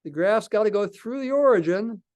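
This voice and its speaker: Man, math lecturer, slightly high voice, live classroom lecture, thinks aloud, answers his own questions. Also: animated, moderate pace, darkish tone.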